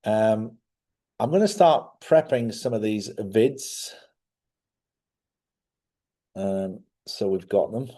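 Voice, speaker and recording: A man's voice: on the low side, expressive, slow pace, pauses often, mellow. A man hosting a live spiritual talk show from a studio, speaking in a rambling, conversational way and often checking in with listeners. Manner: rambling, conversational, repeats himself and asks listeners "yeah?". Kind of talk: casual live-stream talk.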